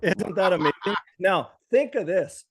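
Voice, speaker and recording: Man, casual conversation, emphatic and excited, somewhat high-pitched. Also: moderate pace, soft background music. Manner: enthusiastic, emphatic. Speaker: guest commentator. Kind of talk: casual chat.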